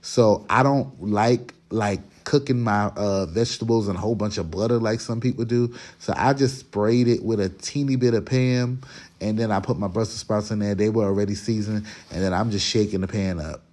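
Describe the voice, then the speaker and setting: A man's voice: fairly low pitch, normal speed, darkish tone. A man hosting a casual cooking vlog from his home kitchen, talking straight to viewers in a chatty way, recorded on a phone camera while he cooks. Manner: chatty, talks straight to viewers, restarts sentences. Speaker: podcast host cooking for family.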